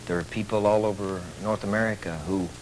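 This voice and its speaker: Earnest middle-aged man with a low voice. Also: fairly even intonation, noisy background. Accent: Texan. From Texas. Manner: earnest, measured, with dry humor. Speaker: stage actor and singer. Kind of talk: TV talk show guest.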